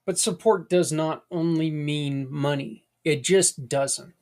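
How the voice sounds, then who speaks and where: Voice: mid-range voice, slow pace, darkish tone. Podcast host, folksy, rambling, earnest and encouraging, casual monologue. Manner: folksy and rambling, with tangents and mild swearing.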